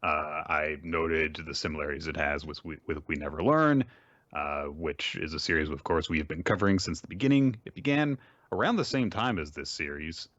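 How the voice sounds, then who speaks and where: Low-voiced guy hosting a podcast, rambly, lots of uhs, dry dull mic sound. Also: animated, a bit bright, no echo. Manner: rambling, many fillers and restarts, measured. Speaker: podcast host. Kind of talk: casual chat and series summary.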